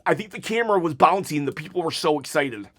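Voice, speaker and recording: A man with a fairly high voice rambles through a wrestling recap in a one-take vlog. He talks loosely and animatedly, piling on asides and stopping to act out what the wrestlers said. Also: animated, fast, fairly bright tone. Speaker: wrestling commentary youtuber.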